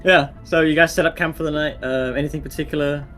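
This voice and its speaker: A man's voice: on the high side, fairly even intonation, fast talker, fairly bright tone, soft background music. A man narrating as dungeon master in a tabletop game, talking with many restarts and fillers.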